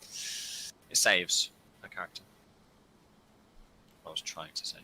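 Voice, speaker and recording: A man's voice: low-pitched, fairly even intonation, takes it slowly, pushed and bright, slight background noise, poor audio. A young man playing a game with a friend, bantering in a teasing, chuckly way. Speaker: co-player. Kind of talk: casual gameplay chat.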